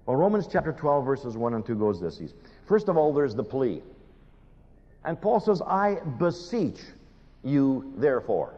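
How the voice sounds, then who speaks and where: Man, preacher, sermon, pleading emphasis, dramatic pauses, dull recording. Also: medium pitch, sing-song, mellow. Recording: muffled hall recording with long reverb.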